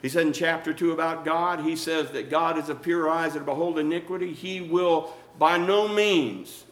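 A man preaching a sermon, swinging from quiet teaching to loud, animated outbursts. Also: a little high. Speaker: pastor.

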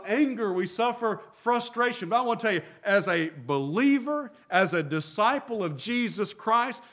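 A man's voice: sits high, pushed and bright. A middle-aged man preaching a sermon as a pastor, asking rhetorical questions and repeating phrases for emphasis.

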